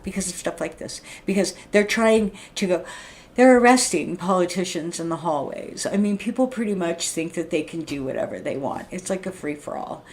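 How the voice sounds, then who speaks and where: Middle-aged woman streamer, deep voice, blunt, profane, rambling vent. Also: darkish tone, a little hiss or hum. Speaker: livestreamer. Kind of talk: casual venting monologue.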